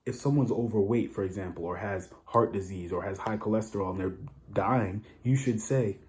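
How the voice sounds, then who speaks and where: A man with a low voice speaks straight to camera from home in a loose, casual monologue. His tone is dark and mellow, and he makes his points bluntly, repeats himself and keeps checking in with rhetorical asides. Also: normal speed, a little hiss or hum. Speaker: vlogger.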